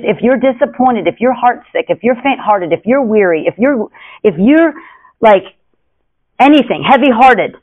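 A man preaching an informal sermon in an earnest, repetitive way, swinging between hushed lines and emphatic ones. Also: sits high, phone-quality sound.

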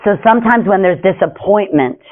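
Earnest high-voiced man preaching. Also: expressive, brisk, phone-quality sound. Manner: earnest, repetitive, swings between hushed and emphatic. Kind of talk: informal sermon.

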